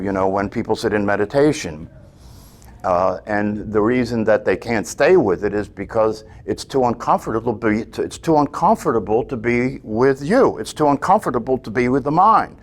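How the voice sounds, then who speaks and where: A man teaching a meditation class, talking earnestly, often checking in with "right?" and restarting his phrases. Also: mid-range voice.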